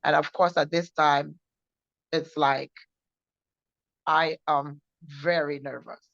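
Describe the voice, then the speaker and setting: Woman telling a personal testimony, low and earnest, halting with repeats; dry, dull lo-fi sound. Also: steady tone, creaky, fairly bright tone, dry recording. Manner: earnest, halting, with many repetitions and restarts. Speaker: guest sharing a personal testimony. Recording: dull lo-fi recording.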